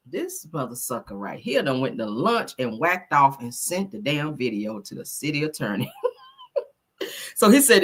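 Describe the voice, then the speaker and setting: A woman hosting a casual gossip commentary, telling stories in an animated, slangy, laughing way. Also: rumbling low, unhurried, pauses often, breathy edge. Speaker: commentary channel host.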